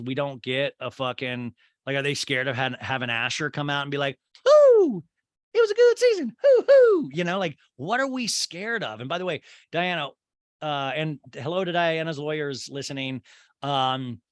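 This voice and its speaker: A man's voice: fairly high pitch, fairly bright tone, clear, resonant tone, dry recording, studio quality. A man hosting a comedy podcast, rambling through a crude, joking recap monologue. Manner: rambling, crude, swings into silly voices. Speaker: podcast host.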